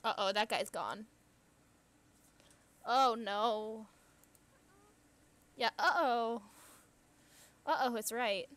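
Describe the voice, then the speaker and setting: A woman's voice: a little high, extremely slow, pauses often, a bit bright. A young woman thinking aloud as she plays a puzzle game, chatty, gasping and squealing at what happens on screen. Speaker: gamer. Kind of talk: casual let's play commentary.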